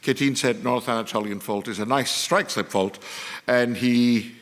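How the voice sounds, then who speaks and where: A man's voice: medium pitch, moderate pace, a bit bright. Older man, Turkish accent, wry award acceptance, reverberant hall. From Turkey. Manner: dry, self-deprecating wit. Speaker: award recipient. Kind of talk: acceptance speech. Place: large conference hall on stage. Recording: long reverb of a large hall.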